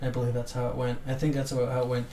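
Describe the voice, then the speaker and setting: A man's voice: medium pitch, very fast, slight background noise. Young man telling a story, roomy distant mic. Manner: animated, laughs often, acts out dialogue. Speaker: podcast co-host. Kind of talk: casual storytelling chat.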